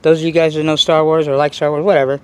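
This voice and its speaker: A man talking to camera about his hobby in a casual, boastful, rambling way, full of restarts and excitement. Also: a little high, fast talker, clear, resonant tone. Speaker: RC nitro hobbyist vlogger.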